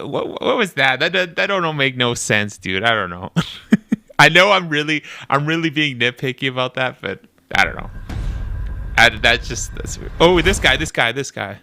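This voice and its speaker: A young man casually commenting on a game trailer, animated and nitpicky, laughing often as he talks. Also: mid-range voice, moderate pace. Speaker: video reactor.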